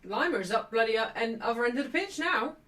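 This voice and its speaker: A woman hosting a live football watchalong, chatting cheekily and shouting out at refereeing calls. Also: a little high, animated, fast, distant mic. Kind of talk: live match watchalong commentary.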